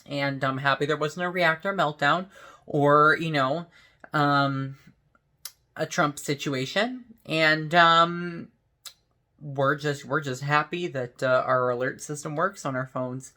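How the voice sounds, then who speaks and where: A young man chatting straight to his viewers in a casual vlog. His voice is bright and a little sharp. He rambles through the story with a steady stream of "like" and "you know". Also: a little high, slow. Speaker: vlogger.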